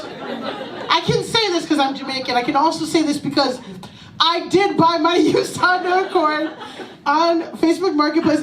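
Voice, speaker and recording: Brief: high-pitched female stand-up comic, salty and animated, recorded from a distance in an echoey club. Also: slight background noise. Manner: profane, animated, breaks into laughter. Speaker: stand-up comedian. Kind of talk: stand-up comedy set. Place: small comedy club stage. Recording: echoey room, mic from a distance.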